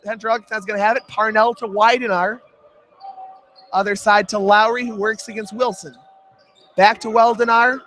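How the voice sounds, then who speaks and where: A young man doing jokey, rapid play-by-play commentary for a college radio basketball broadcast. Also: steady tone, fairly bright tone, slight background noise. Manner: jokey, rapid play-by-play that jumps in pitch on big shots. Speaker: play-by-play announcer.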